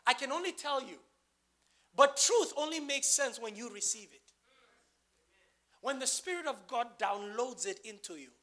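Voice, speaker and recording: High-voiced, bright male preacher. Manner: call-and-response questions, building to emphatic bursts. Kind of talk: sermon.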